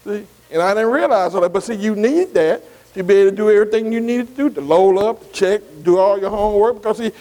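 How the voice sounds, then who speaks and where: High-voiced older preacher, call-and-response. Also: male voice, quick pace, warm tone, poor audio. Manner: repetitive call-and-response, many "see" and "amen" asides. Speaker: pastor. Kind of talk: bible study sermon.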